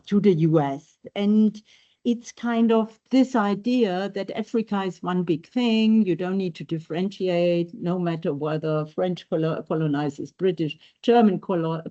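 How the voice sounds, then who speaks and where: A woman lecturer gives a seminar talk in a university room, speaking slowly and with measured thought. Her voice is mellow and low-key, with frequent pauses on um and uh. The recording is dull and lo-fi.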